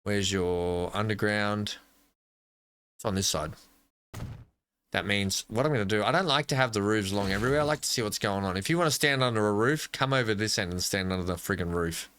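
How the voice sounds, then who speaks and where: Talking briskly to himself through a game, an Australian gaming channel host delivers casual, jokey commentary. His lowish voice has a fairly bright tone, with a little hiss or hum in the audio.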